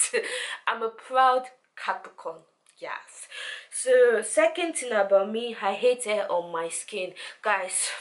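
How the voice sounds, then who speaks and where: A young woman chatting to camera as a vlogger, animated and repeating words for emphasis. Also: mid-range voice. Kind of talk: casual chat to camera.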